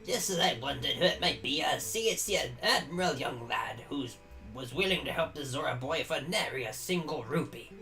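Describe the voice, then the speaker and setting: A man voicing a gruff, evasive older town doctor in a video game reading. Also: on the high side, a bit bright. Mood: wheedling.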